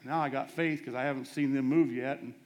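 A man preaching a storytelling sermon, animated and self-deprecating, swinging between loud bursts and hushed asides as he acts out the dialogue. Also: medium pitch, a little fast.

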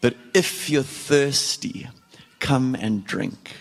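A man voicing a mighty old male lion, speaking slowly and with weight, in an echoey church hall. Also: medium pitch, gravelly. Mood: solemn.

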